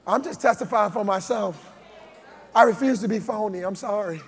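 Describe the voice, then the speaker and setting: High-pitched preacher guy, telling his story then shouting it out, a little music in the back. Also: moderate pace, gravelly, slightly rough, long reverb tail. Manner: builds from low storytelling to shouted climaxes; conversational, testifying, acts out quoted dialogue. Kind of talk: sermon with personal testimony.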